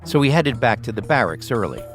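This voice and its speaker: A man hosting and narrating a documentary podcast in a measured, plain storytelling voice. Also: medium pitch, big pitch swings, faint music behind.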